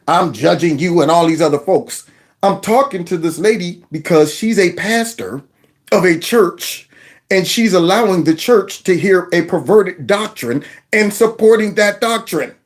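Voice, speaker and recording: Man, commentary host, animated, sarcastic, wide pitch swings. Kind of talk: reaction commentary.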